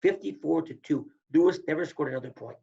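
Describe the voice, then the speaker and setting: Talking quickly in a slightly high, creaky voice, a former wrestler swaps wrestling stories as a podcast guest. He delivers them with animation, voicing the quotes himself, on dull lo-fi audio.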